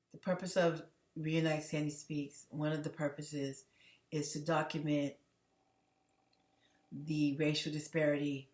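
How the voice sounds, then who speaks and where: Emotional woman vlogger, low-ish voice, stops and restarts a lot, roomy echo. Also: a little mellow. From United States. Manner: earnest, emotional, halting with frequent restarts. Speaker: channel host. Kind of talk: direct-to-camera commentary vlog. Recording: echoey room.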